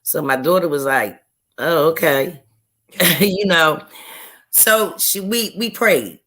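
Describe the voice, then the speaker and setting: A woman, a guest author, sharing an emotional personal testimony in an interview, telling it slowly and earnestly and often repeating her phrases. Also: on the low side, expressive, fairly bright tone.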